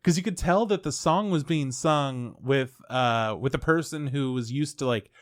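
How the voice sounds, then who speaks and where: A man's voice: mid-range voice, moderate pace, no echo, clean studio sound. A man co-hosting a podcast, giving a casual, rambling critique of an anime with fillers and easy laughs. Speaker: podcast co-host. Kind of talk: casual chat reviewing an anime.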